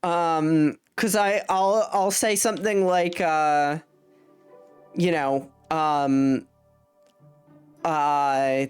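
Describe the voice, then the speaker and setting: A woman's voice: sits low, fairly even intonation, extremely slow, pauses often, smooth. A young adult woman streaming a game, chatting in a rambling way, swearing freely and laughing mid-sentence. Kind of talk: casual live-stream chat while gaming. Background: faint game music.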